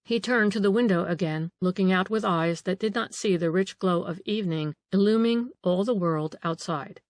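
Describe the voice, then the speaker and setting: Woman reading an audiobook, steady and measured, mid pitch, dry close sound. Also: no echo. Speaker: audiobook narrator. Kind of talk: scripted audiobook narration.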